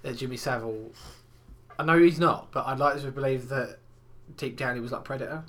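Talking fairly quickly in a mid-range voice, a young man co-hosting a podcast trades casual banter full of crude stories. He swears a lot and brings the tales to life with acted quotes.

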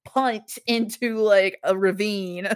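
A woman's voice: mid-range voice, steady tone, slow pace, smooth. Rambling woman in casual chat. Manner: rambling, lots of "like", laughs often. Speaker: podcast co-host. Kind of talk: casual chat reviewing a TV show.

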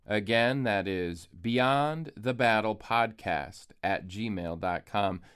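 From an empty room, a podcast host and author offers a casual solo monologue full of self-deprecating jokes. He talks slowly in a low-leaning, fairly bright, clean voice, captured on a studio microphone at studio quality without echo.

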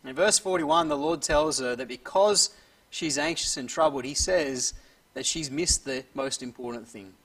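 A man preaching an earnest expository sermon, often dropping softly at the ends of phrases. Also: medium pitch, normal speed, slightly rough, recorded from a distance, poor audio.

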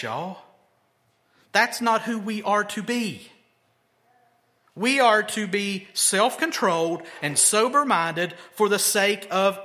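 A man's voice: high-pitched, pushed and bright. A male pastor preaching a sermon conversationally, with emphatic rhetorical questions.

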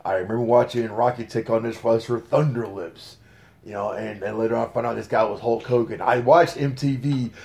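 A man, telling stories as an interview guest in a casual podcast chat, excitable and full of fillers. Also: mid-range voice, brisk, gravelly. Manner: excitable storyteller, lots of fillers.

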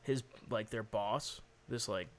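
Rambling foul-mouthed podcast co-host. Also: male voice, lowish voice, slow pace. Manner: rambling, profane, stumbles over words. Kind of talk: casual podcast chat.

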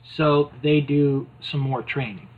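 A man's voice: on the high side, fairly even intonation, takes it slowly. A man casually retelling an old wrestling videotape scene by scene, amused and rambling with fillers. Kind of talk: casual chat. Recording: tinny phone-like sound.

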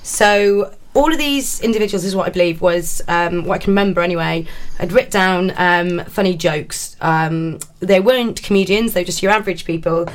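A woman's voice: fairly low pitch, normal speed, few pauses. A woman co-hosting a comedy chat, bantering, laughing often and trailing off with ums. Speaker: comedy podcast co-host.

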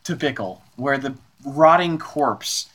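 A man's voice: mid-range voice, lively intonation, slow, fairly bright tone, slight background noise. A man narrating as game master of a tabletop game, playful and laughing as he describes scenes.

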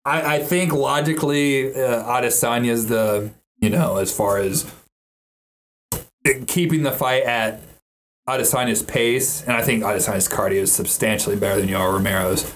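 A man's voice: medium pitch, normal speed, a little hiss or hum. A man chatting casually about fighters, swearing often and restarting his sentences as he rambles. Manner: profane, rambling, frequent restarts.

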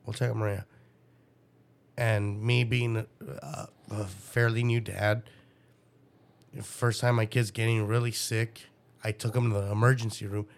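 A young man, a father, telling a story in a casual interview, profane and animated. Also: fairly low pitch, measured pace. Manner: profane, animated, acts out his own past dialogue.

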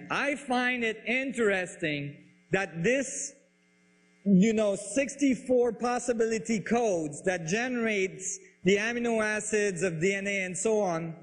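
Slow, halting man with a high voice. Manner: halting, searching for words, frequent restarts; enthusiastic about the ideas. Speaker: speaker on physics and biology. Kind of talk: lecture-style explanation.

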